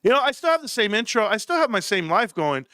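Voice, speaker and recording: A man hosting a casual livestream, bantering with chat in an animated, profane way. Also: high-pitched, fast talker, clean tone, no echo, clean studio sound. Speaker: livestream host.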